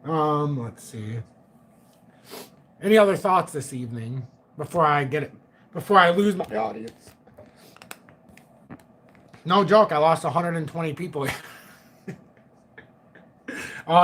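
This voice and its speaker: High-voiced joking man on a livestream. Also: normal speed, long pauses, a bit bright, slight background noise. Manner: joking, laughs often, swears. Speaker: livestream host. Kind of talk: casual live chat.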